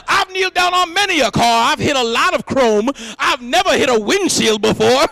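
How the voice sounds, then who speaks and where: A young Canadian comedian works a live crowd from the stage, his voice pitched unusually high with a gravelly rasp. He talks in bright, swooping bursts, laughs at his own jokes and shouts the punchlines. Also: normal speed, few pauses, no echo. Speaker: stand-up comedian. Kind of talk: stand-up comedy set. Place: event stage before a live audience.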